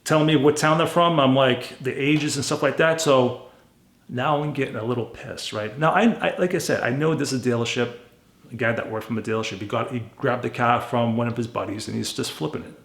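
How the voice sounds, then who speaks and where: A man with a gravelly, rough-edged voice tells a story casually and bluntly, acting out conversations as he goes. The sound is roomy, with a clear echo around him. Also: medium pitch, fairly quick. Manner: blunt, animated retelling with quoted dialogue. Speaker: car flipper vlogger.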